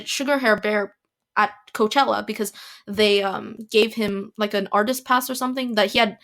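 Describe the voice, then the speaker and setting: A woman's voice: medium pitch, fairly bright tone. A woman hosting a casual solo podcast, rambling with lots of fillers and restarts and dropping sarcastic asides. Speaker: podcast host.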